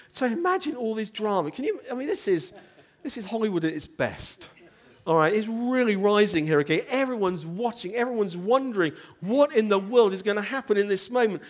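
High-voiced, animated male preacher. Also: brisk, few pauses. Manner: animated storytelling, asks the congregation questions. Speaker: pastor. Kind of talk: sermon.

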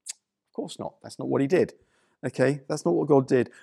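A man's voice: mid-range voice, normal speed, vocal fry, dark tone, slightly rough, dry recording, studio quality. A man preaching a sermon to people watching at home. He speaks with emphasis and repeats key phrases. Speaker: pastor.

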